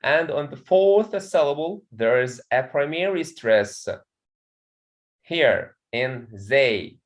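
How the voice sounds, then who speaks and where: In a classroom, a man with an Egyptian accent gives an English pronunciation lesson, his highish, expressive voice moving slowly. He often says "okay" and checks that students are following, and the recording quality is low.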